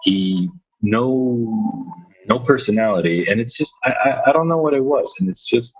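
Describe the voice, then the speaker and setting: A man's voice: mid-range voice, lively intonation, moderate pace, breathy edge, dull audio. A man, a DJ, telling a story in casual chat, rambling and restarting his sentences often. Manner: rambling with many restarts and stammers. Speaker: DJ and podcast host.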